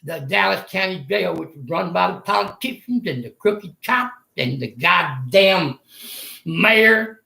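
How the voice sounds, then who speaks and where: Gravelly older man ranting. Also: sits high, animated, unhurried, bright, forceful tone, echoey room. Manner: ranting, profane, emotional. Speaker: vlogger. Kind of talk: angry rambling monologue. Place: room in a retirement home.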